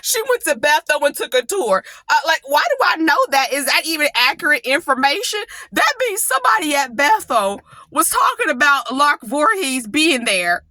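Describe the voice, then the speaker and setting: A woman hosting her own channel, talking casually and animatedly, often breaking into high laughing exclamations. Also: sing-song, moderate pace, hardly any pauses, bright, forceful tone. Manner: dialect touches in her speech. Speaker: coach and channel host. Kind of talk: casual monologue.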